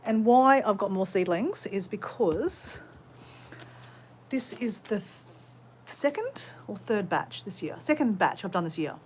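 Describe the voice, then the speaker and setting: A woman's voice: mid-range voice, lively intonation, a little slow, darkish tone. A rambling, chatty Australian woman talks to her viewers from her home garden, greeting people as she goes. She speaks into a phone camera, with a faint hiss behind her voice. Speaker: vlogger. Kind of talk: casual chat to live viewers while gardening.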